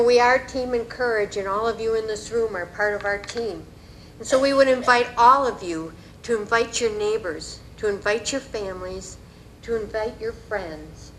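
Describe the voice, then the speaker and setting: A woman giving an animated, folksy storytelling speech at a community event in a hall. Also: mid-range voice, slight background noise. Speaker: community speaker. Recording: echoey hall.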